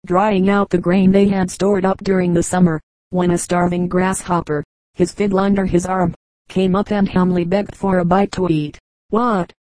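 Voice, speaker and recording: A woman reading fables aloud as an audiobook narrator, in a calm, measured way. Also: fairly low pitch, dry recording, rough recording. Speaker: audiobook reader. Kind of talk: storybook narration.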